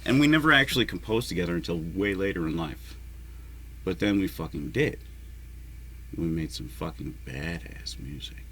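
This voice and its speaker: A man's voice: deep voice, lively intonation, moderate pace, a bit bright, slight background noise. A man rambling alone in a home vlog, swearing often and mocking himself as he talks to himself. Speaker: vlogger and musician. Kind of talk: rambling solo vlog talk. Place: at home, neighborhood lawnmowers outside.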